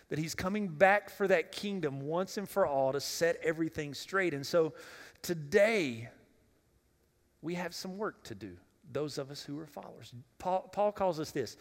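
A pastor with a fairly high voice gives a relaxed, conversational sermon. He speaks directly to the congregation, putting questions to them and repeating words as he restarts a thought. The sound rings with the long reverb of a church hall. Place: church sanctuary.

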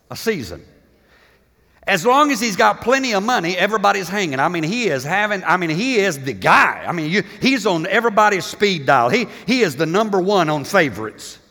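A man preaches with passion, his voice bright and forceful and pitched a little high. He swings between loud bursts and hushed passages. A long reverb trails every phrase. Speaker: pastor. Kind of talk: sermon.

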